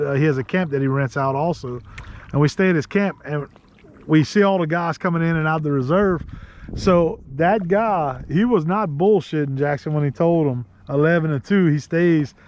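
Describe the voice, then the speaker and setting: A man with a Louisiana accent hosting a casual outdoor vlog from a kayak in the marsh, chatty and quick to laugh. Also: on the high side, dull audio. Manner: chatty, laughs easily, rambling asides. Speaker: host.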